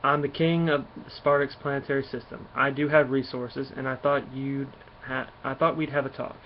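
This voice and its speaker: A man's voice: mid-range voice, little pitch movement, moderate pace, muffled recording, a little hiss or hum, lightly acted. A man reading out a stern alien king. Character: stern middle-aged alien king and father.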